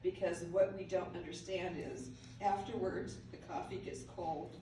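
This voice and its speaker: A woman's voice: lowish voice, level tone, dark tone. Older woman, echoey distant hall speech. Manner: halting, emotional, laughing through tears. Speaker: widow giving a memorial speech. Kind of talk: heartfelt memorial speech. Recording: echoey hall from far off, with noise.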